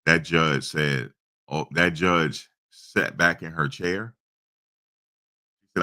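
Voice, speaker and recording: A YouTube livestream host with a bass voice speaks slowly, leaving long pauses, his tone pushed and bright. He tells a story in a conversational, repetitive way, slipping in preachy asides.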